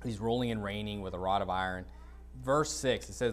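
A man preaching an informal sermon to a congregation, reading scripture and adding blunt, dismissive asides while often clearing his dry throat. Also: fairly low pitch, a little fast. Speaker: pastor. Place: church sanctuary, speaking to a congregation.

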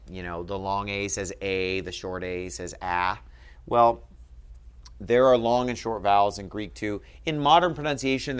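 A man with a fairly low voice teaches at a board, calm and patient. He walks through each point step by step and keeps checking that his listener follows. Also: clean tone. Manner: patient, checks in with frequent "okay?". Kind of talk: explaining grammar at a board.

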